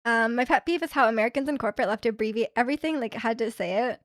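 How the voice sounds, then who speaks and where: A woman's voice: a little high, very fast, dry recording, clean studio sound. A young woman from Canada, a streamer chatting casually and reading her chat aloud, with many fillers.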